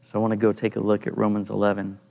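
A man leading an informal Bible study, thinking aloud and pausing to search for passages as he reads and explains scripture. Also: lowish voice, completely flat delivery, gravelly, darkish tone. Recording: long reverb in a room.

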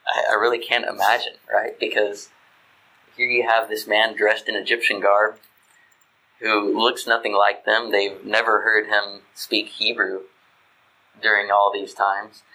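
A man's voice: on the low side, pushed and bright, low-quality recording. A man reading scripture and then teaching on it in a conversational way, often checking in with his listeners. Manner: conversational, asks "right?" to listeners, restarts mid-thought. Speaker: Bible teacher.

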